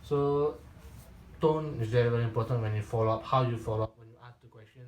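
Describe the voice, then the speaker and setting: Talking fast in a mid-range voice, this real estate coach answers agents' questions in a roomy, echoing space. He hammers points through repetition, keeps restarting his sentences, and tags many lines with a questioning "right?".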